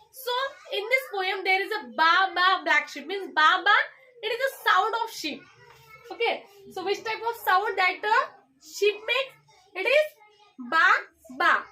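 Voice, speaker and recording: A young woman with an Indian English accent teaches an English class, spelling each word letter by letter. Her voice sits very high and bright, and she talks at a slow, careful pace. She is heard from some distance away from the mic. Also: lively intonation. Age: young adult. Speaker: student teacher.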